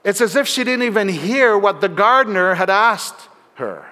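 In a church sanctuary, a pastor with a fairly high voice gives an earnest sermon at normal speed, each phrase fading into long reverb. His intonation is lively, and he tells the story warmly, dropping softer on key words to stress them.

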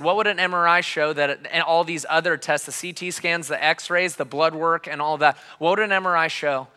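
A man in his thirties preaching a sermon as a pastor, telling his story passionately, dropping quiet and then rising loud. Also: a little high, clear, resonant tone, long reverb tail. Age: 30s. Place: church hall.

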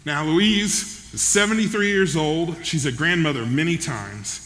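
In a large hall with long reverb, a man preaches a sermon, telling a story in a folksy, conversational way and checking in with his listeners. His voice is fairly high and a bit bright, with a measured pace.

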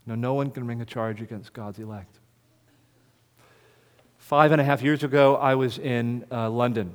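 A man preaching a sermon as the pastor, moving between soft, hushed lines and loud, ringing proclamation. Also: medium pitch, fairly even intonation, moderate pace, pauses often. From United States. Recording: reverberant hall.

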